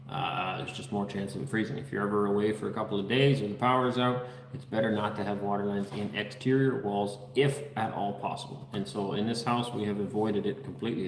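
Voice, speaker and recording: A man's voice: fairly low pitch, echoey room, big-room sound, background noise. A man from the Netherlands hosting a casual livestream from an unfinished house, reading viewers' comments and names aloud in an easygoing way. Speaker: livestream host. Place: unfinished house under construction.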